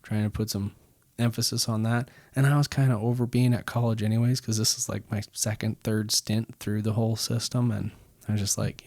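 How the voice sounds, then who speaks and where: A man's voice: lowish voice, flat delivery, fairly quick, darkish tone, no echo. A man in his thirties, a podcast guest, telling a personal story in a rambling way with many fillers. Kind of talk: casual storytelling.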